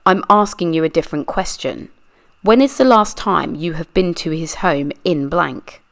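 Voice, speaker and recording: A woman's voice: lowish voice, normal speed, natural voice. A woman reading as a pressing, methodical lawyer. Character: persistent adult lawyer questioning a witness. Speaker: true crime channel reader. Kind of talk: read-aloud deposition reenactment.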